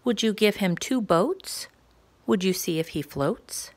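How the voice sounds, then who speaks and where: Gentle, sing-song woman reading a picture book. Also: mid-range voice, animated, slight background noise. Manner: gentle, slow, sing-song questioning delivery. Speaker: children's story reader. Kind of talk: picture book read-aloud for preschoolers.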